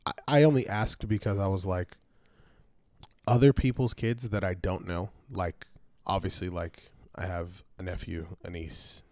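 A man's voice: sits low, steady tone, unhurried, a little mellow, no echo. A young man co-hosting a podcast, talking casually and laughing a lot as he chats. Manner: laid-back, laughing, says dude a lot. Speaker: podcast co-host. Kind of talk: casual chat.

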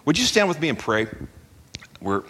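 Preaching to a congregation in a church hall, a middle-aged pastor speaks in a slightly high, sing-song voice that's bright and forceful, at moderate pace. A folksy storyteller who chuckles and restarts sentences, he ends with a closing prayer; there's long hall reverb and slight background noise.

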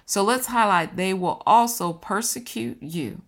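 A woman's voice: mid-range voice, expressive, unhurried, hardly any pauses. A woman leading a casual Bible study, talking earnestly and directly to her viewers as she teaches.

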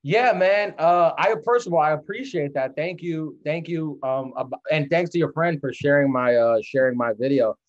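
A man's voice: on the high side, moderate pace, hardly any pauses, dull audio. A man chatting as a comedian guest on a podcast, joking and laughing easily. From United States. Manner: joking, self-deprecating, laughs often. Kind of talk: casual podcast chat.

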